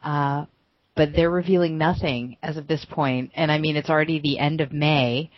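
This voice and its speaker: A woman's voice: low voice, steady tone, moderate pace, no room sound, highs cut off. A woman co-hosting a casual gaming podcast, bubbly and giggly, talking with enthusiasm. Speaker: podcast co-host. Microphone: home podcast microphone.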